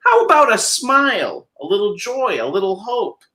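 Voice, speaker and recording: A slightly rude female squid from a storybook, all squirm and cheek, voiced by a man reading aloud. Her voice climbs high and swoops around as she teases. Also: very animated, normal speed, bright, forceful tone, exaggerated voice. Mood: teasing. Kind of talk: reading a picture book aloud.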